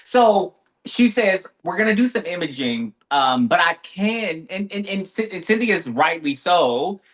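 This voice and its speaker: A man co-hosting a podcast, telling a story in lively, casual chat with quick asides. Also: high voice. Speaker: podcast co-host.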